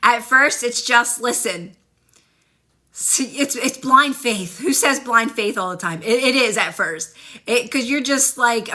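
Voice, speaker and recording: A manifestation coach on a phone livestream chats casually with viewers, upbeat and encouraging as she responds to their comments. Her voice is a little high and sharp, and her pace is measured.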